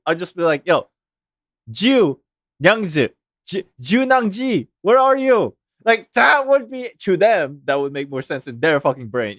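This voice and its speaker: A man's voice: high-pitched, a bit bright, no echo, studio quality. A man, a game streamer rambling animatedly in casual chat, laughing often. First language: Korean.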